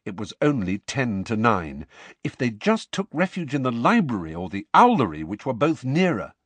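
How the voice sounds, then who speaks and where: A man narrating an audiobook in an expressive, measured storytelling manner. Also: mid-range voice, slightly rough, no room sound. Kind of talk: scripted narration.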